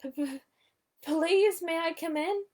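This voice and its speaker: A woman's voice: a little slow, warm tone. A woman voicing a timid little male piglet who stammers and frets, in a storybook read-aloud. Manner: stammering, fearful squeaks.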